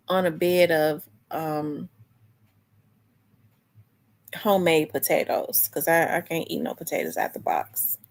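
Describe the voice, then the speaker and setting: A chatty woman hosts a casual livestream. She talks loosely to her viewers, restarts her sentences often and answers their comments as she goes. Her voice sits at an ordinary middle pitch. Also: a bit bright. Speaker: livestream host. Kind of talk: casual chat with live viewers.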